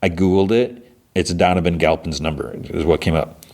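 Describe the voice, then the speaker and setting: A man's voice: deep voice, fairly even intonation, normal speed, a little mellow. A middle-aged man hosting a podcast, casually recapping a show with a rambling manner. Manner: rambling, many fillers and restarts. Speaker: podcast host.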